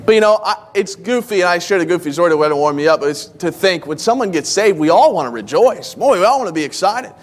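High-voiced pastor preaching a lively sermon. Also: male voice, fast, few pauses. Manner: animated storyteller who acts out quoted voices. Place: church.

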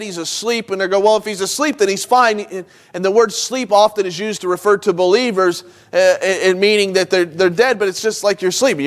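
A man preaching a sermon in a folksy, conversational way, moving between loud emphatic lines and soft low asides. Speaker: pastor.

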